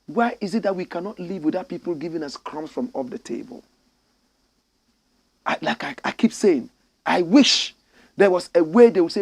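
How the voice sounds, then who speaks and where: A middle-aged Ghanaian man with a slightly raised pitch, speaking as a commentary show host. His delivery is fiery and preaching, often climbing into loud, passionate outbursts. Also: lively intonation, moderate pace, vocal fry, pauses often, no echo. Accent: Ghanaian English. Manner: fiery, preaching, voice rising to shouts.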